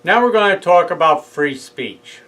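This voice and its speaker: A man's voice: sits high, expressive, normal speed, a bit bright, rough recording. A man telling his own story in a casual monologue, rambling with asides and self-corrections. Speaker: father speaking out about his own court case.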